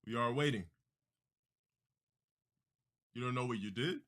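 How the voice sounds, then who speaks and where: A man's voice: mid-range voice, unhurried, a bit bright. A man livestreaming, making grandiose and self-important proclamations in a theatrical way.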